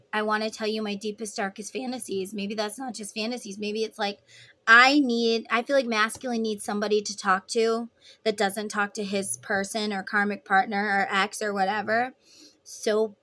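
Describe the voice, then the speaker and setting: A woman's voice: medium pitch, steady tone, normal speed, sharp tone. A woman giving a rambling, chatty tarot reading who acts out imagined lines for the people in it. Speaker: tarot reader. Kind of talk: casual tarot reading monologue.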